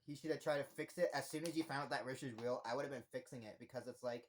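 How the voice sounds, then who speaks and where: Excitable young man reviewing a horror movie. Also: mid-range voice, fast talker, slight background noise, poor audio. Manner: excitable, rambling, swears freely.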